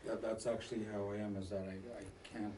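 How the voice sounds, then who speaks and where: A man with a fairly low voice adds his views to a language lesson in loose conversation. He repeats words as he restarts his sentences. A faint hum of room ambience sits behind him. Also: little pitch movement, fast talker, dark tone. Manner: chimes in with examples, repeats words when restarting. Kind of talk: casual lesson discussion.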